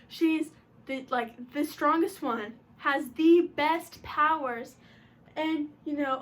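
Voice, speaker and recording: Excitable high-voiced young woman vlogger. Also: unhurried. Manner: gushing and excitable, at times half-shouting. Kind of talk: casual chat to camera. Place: room at home.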